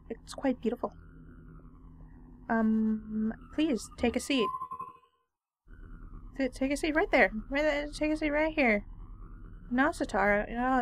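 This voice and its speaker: Slow, playful woman gamer, high-ish voice. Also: slight background noise. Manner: playful, sarcastic banter with an on-screen character. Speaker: let's play gamer. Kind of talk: casual gaming commentary.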